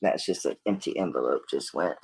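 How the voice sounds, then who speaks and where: A woman's voice: a bass voice, fairly quick, a little mellow, slight background noise. A woman selling jewelry on a live stream, chatting to viewers in a flustered, rambling way while she searches through orders.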